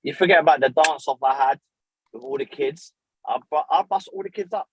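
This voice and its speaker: A man from boasting loudly in casual podcast banter, full of slang. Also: on the high side, fairly quick, slight background noise, poor audio. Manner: brash and boastful, mixes in slang.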